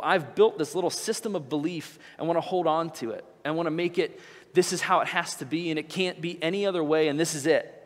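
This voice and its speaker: A young man preaching a sermon in a church, conversational and animated as he tells stories. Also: a little high, in a large hall. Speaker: pastor. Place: church sanctuary.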